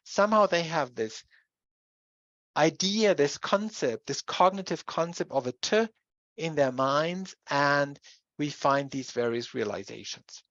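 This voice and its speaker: A lecturer giving a university lecture, explaining slowly with pauses and restarts. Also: medium pitch, animated, fairly bright tone, no room sound, highs cut off. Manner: explanatory, with pauses and self-corrections.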